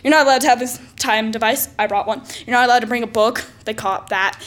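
A woman with a high voice tells a personal story aloud. She is animated and self-mocking and plays up the drama for comic effect. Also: fast talker. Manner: lively, self-mocking, exaggerated.

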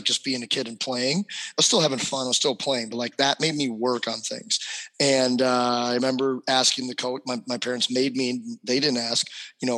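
A man's voice: medium pitch, sharp tone. A young adult man and hockey trainer, co-hosting a podcast and telling a personal story animatedly, with many fillers. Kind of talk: casual storytelling.

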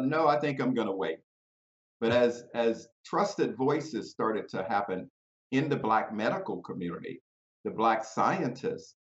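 A man speaking as a guest in an interview over a video call, measured and conversational, drawing on personal experience. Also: mid-range voice. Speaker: guest, head of a national cities organization. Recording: dull, roomy video call audio.

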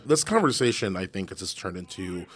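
A man working as a radio interviewer, asking measured, conversational questions. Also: sits low, animated.

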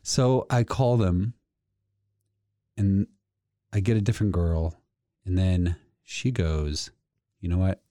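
A man telling a story in casual chat on a podcast, animated and laughing often. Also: low-pitched, slow pace, pauses often, no echo, clean studio sound. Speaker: podcast co-host.

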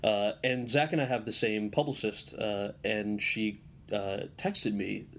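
Male podcast guest, mid pitch, restarts a lot, faint rumble under the voice. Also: fairly even intonation, unhurried, a bit bright. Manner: rambling storyteller with many restarts. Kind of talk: casual podcast interview.

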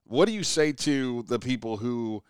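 A man's voice: medium pitch, expressive, normal speed, clean tone, dry recording. A man hosting a podcast, asking long rambling questions in a casual interview. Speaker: podcast host.

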